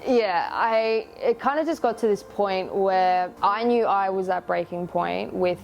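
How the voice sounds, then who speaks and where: A woman's voice: mid-range voice, a little slow, gravelly, faint music behind. A young woman, telling her own life story in a candid, reflective, confessional way, with casual swearing. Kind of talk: personal storytelling.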